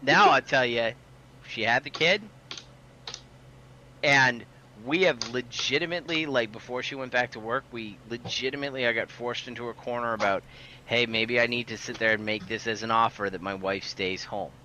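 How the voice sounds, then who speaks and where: A man's voice: medium pitch, steady tone, normal speed, bright, forceful tone, muffled recording, a little hiss or hum. A man telling a long, profane story in casual podcast chat. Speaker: podcast co-host.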